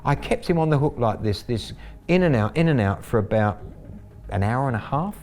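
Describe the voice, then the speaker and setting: A man's voice: medium pitch, lively intonation, moderate pace, a little mellow. A middle-aged man telling the story of baiting a scammer, in a wry, gleeful interview manner. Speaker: scambaiter.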